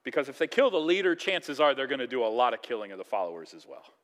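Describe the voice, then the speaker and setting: A man preaching a sermon in a conversational, animated way, acting out quoted voices. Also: mid-range voice, quick pace, big-room sound. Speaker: pastor.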